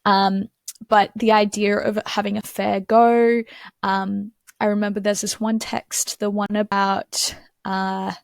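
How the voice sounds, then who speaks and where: A woman's voice: medium pitch, creaky, no echo. A young Australian woman tutoring in a casual screen-share lesson, chatty, with many fillers and restarts.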